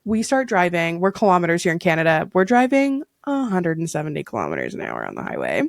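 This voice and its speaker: A young woman who is a podcast guest, telling a story in a casual, animated way and acting out the dialogue she quotes. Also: fairly low pitch, quick pace, creaky, no echo, studio quality.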